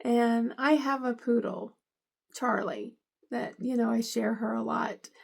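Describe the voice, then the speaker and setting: A woman's voice: a little high, fairly even intonation, measured pace, gravelly. A middle-aged woman vlogger unboxing gifts, gushing and teary with emotion. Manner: gushing, emotional, tearful at times. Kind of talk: casual unboxing vlog.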